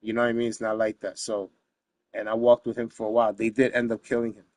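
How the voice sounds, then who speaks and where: A man's voice: on the low side, monotone, fast talker, a little mellow, dry recording. A man from the United States, a guest in an interview, telling a story in a casual, streetwise, profane way, full of "you know what I mean" asides.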